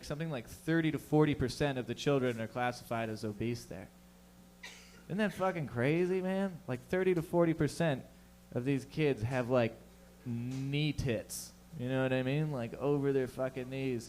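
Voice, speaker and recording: A man's voice: mid-range voice, normal speed, a little mellow, slight background noise. A young man doing a stand-up set, with profane, rambling, conversational talk. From Canada. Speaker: stand-up comedian.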